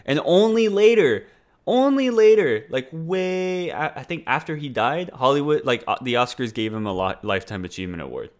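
A man's voice: fairly high pitch, animated, normal speed. Rambling man in casual chat. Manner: rambling, heavy on fillers and restarts; swears casually.

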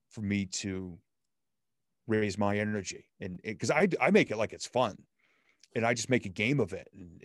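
A man with a lowish voice, chatting as a guest in a conversational interview. He tells stories in an upbeat, animated way. The sound is dry and close. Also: no echo. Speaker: podcast guest. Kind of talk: conversational storytelling.

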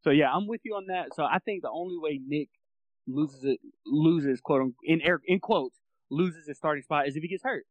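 Animated man on a sports podcast. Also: on the high side, brisk, no room sound, muffled recording. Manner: animated, laughs often, acts out quotes. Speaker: podcast co-host. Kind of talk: casual sports chat.

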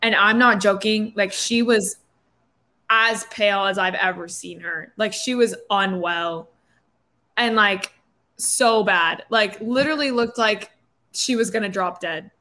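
Chatty young woman telling a story. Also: mid-range voice. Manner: animated, quick storytelling with many fillers. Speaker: storyteller in a chat. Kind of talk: casual chat.

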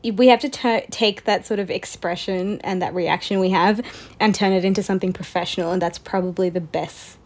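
A woman's voice: mid-range voice, brisk. A young woman, a medical student co-hosting a casual chat, laughing often as she tells stories. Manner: laughs often, animated storytelling.

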